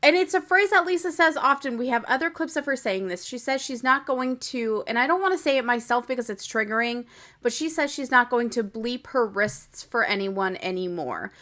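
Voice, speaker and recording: A young woman hosting a podcast, chatty and opinionated, who breaks into laughter often. Her voice sits a little high, close on a podcast microphone. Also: a bit bright. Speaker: podcast host. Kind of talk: casual reality-TV recap.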